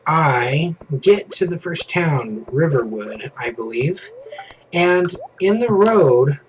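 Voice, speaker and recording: A man streaming and telling a story in casual chat, animated and vivid, with casual swearing. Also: fairly high pitch, slow, slight background noise, low-quality recording.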